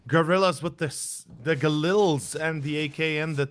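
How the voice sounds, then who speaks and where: Male color commentator for esports, excitable and playful, slightly high, dry close sound. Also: normal speed, hardly any pauses, no echo. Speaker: esports co-caster.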